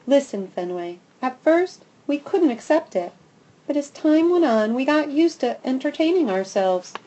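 A woman voicing a kind, motherly female dog who speaks softly and sympathetically in a storybook reading. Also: high-pitched, sing-song, a little slow, pitched above the performer's own voice. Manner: soft, sympathetic.

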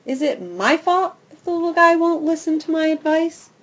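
A woman voicing a gruff, cynical female dog who grumbles and sneers in a storybook reading. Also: very high-pitched, normal speed, highs cut off, voice pushed up. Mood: sarcastic. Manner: grumbling, sarcastic.

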